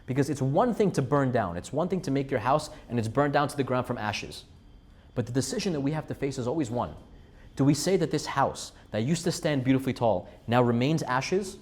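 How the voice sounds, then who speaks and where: A man giving a weekly Torah class, telling stories with emphatic peaks and quiet drops. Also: animated, brisk. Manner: storytelling, rises to emphatic peaks and drops low.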